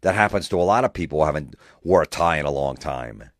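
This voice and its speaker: A man's voice: very deep voice, lively intonation, quick pace, dry recording, clean studio sound. A man hosting a podcast, ranting in a profane, sarcastic way and mocking people in put-on voices. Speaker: podcast host. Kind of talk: comedic rant.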